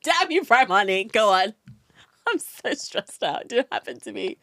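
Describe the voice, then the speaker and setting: A woman's voice: on the high side, gravelly, dry recording, studio quality. A woman hosting a podcast, reacting expressively to her guest in casual conversation. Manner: reactive, expressive listener with quick interjections. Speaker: podcast host.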